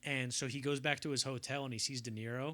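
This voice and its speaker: A young man co-hosts a casual film podcast, his mid-range voice steady, sharp, and quick. He rambles through anecdotes and acts out quotes in bursts.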